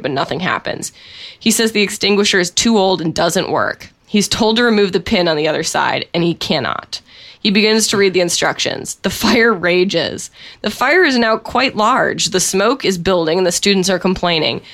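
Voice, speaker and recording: A woman's voice: mid-range voice, lively intonation, normal speed, fairly bright tone. A woman reading a written story aloud in a wry way, often breaking into laughs as she reads.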